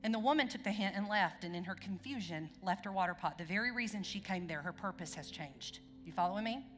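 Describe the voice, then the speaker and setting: Bright-voiced woman preaching in reverberant hall. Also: mid-range voice, fast. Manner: conversational, asks the congregation questions. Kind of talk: sermon. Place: church sanctuary. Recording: long hall reverb with faint music.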